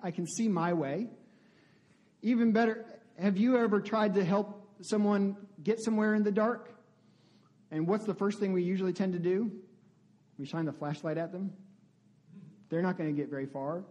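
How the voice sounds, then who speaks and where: A man's voice: high-pitched, normal speed, long pauses, a little mellow. A male pastor giving a conversational sermon, often asking the congregation questions. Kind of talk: interactive sermon.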